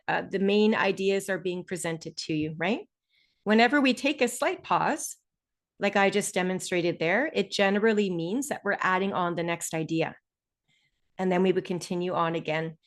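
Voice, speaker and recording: A woman instructor teaching a live test-prep webinar over a video call, explaining patiently and stressing key words with deliberate pauses. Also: mid-range voice.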